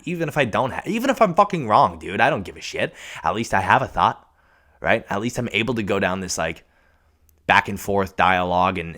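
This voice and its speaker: A young man from Washington state hosts a casual solo podcast. His voice sits fairly low. He rambles in halting starts and restarts, swears often and calls the listener dude. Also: pushed and bright. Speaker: podcast host.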